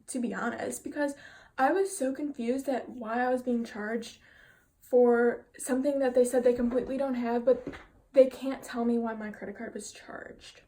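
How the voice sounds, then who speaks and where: A young woman, sitting down to vlog an animated, frustrated story about a bad customer service call. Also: fairly high pitch. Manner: frustrated, animated retelling with quoted dialogue. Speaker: vlogger telling a story.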